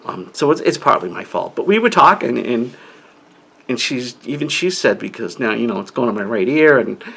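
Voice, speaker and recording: A man's voice: medium pitch, big pitch swings, moderate pace, vocal fry, bright, forceful tone, husky. A middle-aged man talking casually about living with an inner-ear condition, rambling and restarting his sentences often. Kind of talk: casual personal talk to camera.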